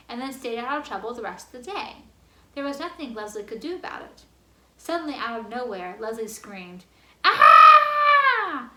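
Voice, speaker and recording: Bright-voiced woman reading a children's story. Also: on the high side, echoey room, poor audio. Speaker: library book club reader.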